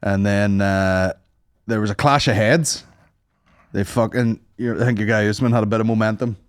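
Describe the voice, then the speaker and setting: A man's voice: on the low side, fairly even intonation, moderate pace, clear, resonant tone, dry recording, clean studio sound. A Northern Irish man co-hosting a podcast, bantering in a casual, sweary way. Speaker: podcast co-host. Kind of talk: casual chat.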